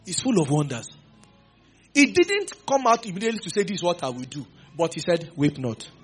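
Animated male preacher. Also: sits high, a little fast, slightly rough, faint music behind. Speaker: pastor. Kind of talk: sermon.

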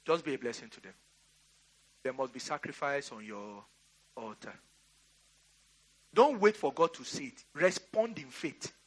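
A man's voice: medium pitch, expressive, unhurried, long pauses. A middle-aged Nigerian man preaching a sermon, giving emphatic commands and laughing through a storytelling aside. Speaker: pastor. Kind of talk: sermon with personal anecdote.

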